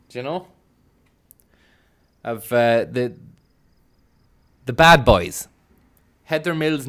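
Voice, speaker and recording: A young Irish man rambling through sweary deadpan jokes while commentating on a game he plays. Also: mid-range voice. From Limerick, Ireland. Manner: meandering, sweary, deadpan riffing. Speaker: gaming streamer. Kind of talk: rambling comic commentary over gameplay.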